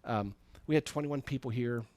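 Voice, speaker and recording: A man's voice: mid-range voice, moderate pace, darkish tone, no echo. A middle-aged man preaching as a pastor, telling a personal story in a conversational way, acting out the dialogue and laughing at himself. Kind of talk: storytelling sermon. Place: church sanctuary.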